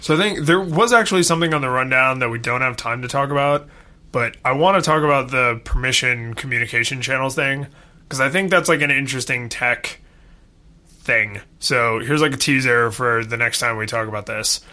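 A young man co-hosting a podcast in casual chat, full of fillers and quick asides. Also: medium pitch, pushed and bright. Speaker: podcast co-host.

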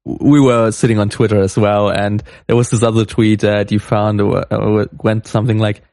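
A man's voice: lowish voice, little pitch movement, moderate pace, gravelly, darkish tone, no room sound, studio quality. A man co-hosting a casual tech podcast, thoughtful and a bit hesitant. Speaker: podcast co-host.

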